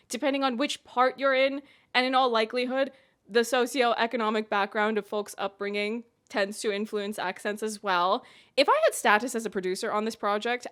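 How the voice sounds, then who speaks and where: A woman's voice: a little high, fairly bright tone. A woman vlogger giving articulate, emphatic, opinionated commentary. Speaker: book and film vlogger.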